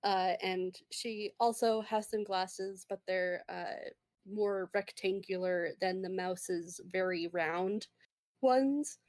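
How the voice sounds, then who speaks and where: A woman's voice: mid-range voice, slow, a little mellow. A woman narrating a tabletop game as game master, meandering and full of fillers.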